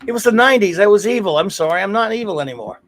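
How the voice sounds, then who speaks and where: A man's voice: high voice, expressive, very fast. A middle-aged man hosting a casual live stream, telling rambling stories, cursing freely and laughing often. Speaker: podcast host.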